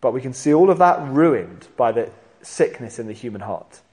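A man preaches a sermon at medium pitch and normal speed, telling the story animatedly and acting out the voices of its characters. A long hall reverb surrounds the recording.

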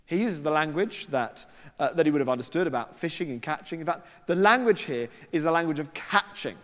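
A man preaches a sermon in a church, his fairly high voice rising and falling with lively, animated pitch. He talks casually through the stories, quoting people in his own voice. A long reverb trails off each phrase. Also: brisk. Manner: conversational storytelling with quoted voices and asides.

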